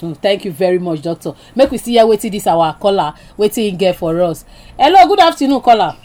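A woman's voice: medium pitch, animated, fast talker, mellow. A woman radio host speaking Nigerian Pidgin. She talks to callers in a chatty, encouraging way. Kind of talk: phone-in radio show.

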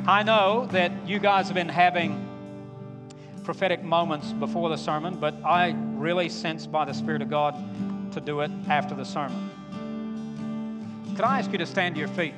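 A man preaching a sermon to a congregation, emphatic and building to forceful exhortation. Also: a little high, normal speed, pauses often. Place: church sanctuary. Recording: long hall reverb, faint guitar. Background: faint guitar music.

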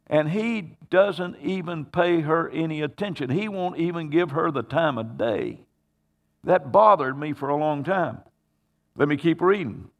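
Preacher man in a reverberant hall. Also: on the high side. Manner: dramatic storytelling, acting out voices in the scripture. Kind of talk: sermon.

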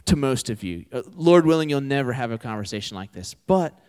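A man in his twenties preaches in a relaxed, conversational style, often putting questions to the audience. His medium-pitched voice is smooth and a little fast, and a long reverb makes it sound like a big hall.

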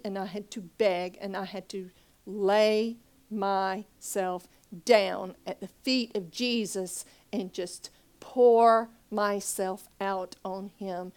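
A woman minister giving a personal testimony, swinging from loud pleading to near whispers and acting out her own past words. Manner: acts out her own past dialogue in a higher voice.

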